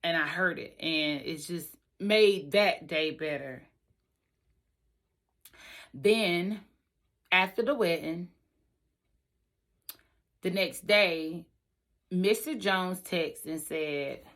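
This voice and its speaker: Talking very slowly with long pauses, a woman shares a true story from her own life in a lowish, somewhat bright voice. She's emphatic and speaks right to her audience in this personal vlog.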